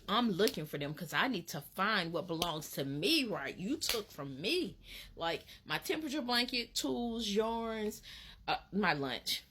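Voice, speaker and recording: A woman from Alabama, telling a casual storytime in an animated, dramatic way with laughs. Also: medium pitch, slight background noise. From Alabama, USA. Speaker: vlogger.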